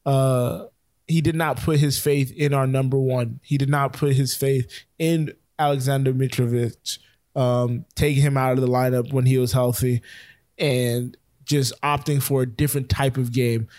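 Fast-rambling man on a sports podcast. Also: mid-range voice, level tone, a little mellow, no room sound, clean studio sound. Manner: rambling, self-correcting, fast-talking. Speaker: podcast co-host. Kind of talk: casual sports chat.

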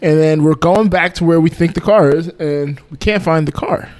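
A man's voice: fairly high pitch, normal speed, a little mellow. A man co-hosting a podcast, telling a long rambling story in casual chat and laughing often. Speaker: podcast co-host.

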